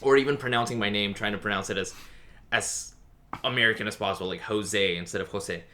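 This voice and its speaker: A man's voice: on the low side, fast, bright, forceful tone, slight background noise. A man hosting a casual podcast interview, asking his questions in a careful, tentative way. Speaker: podcast host.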